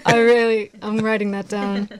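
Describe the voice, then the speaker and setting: A woman's voice: medium pitch, flat delivery, moderate pace, a little mellow, low-quality recording. A young American woman chatting as a guest in a radio studio interview, with a dry, self-deprecating humor. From United States. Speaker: radio station receptionist as guest. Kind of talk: casual interview chat.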